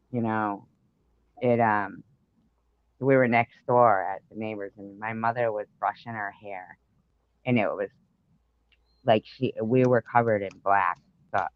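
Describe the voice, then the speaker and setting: A man's voice: fairly low pitch, fairly even intonation, takes it slowly, long pauses, smooth, no echo, phone-quality sound. A man hosting a live stream, rambling through a story in casual chat with lots of fillers and the odd swear word.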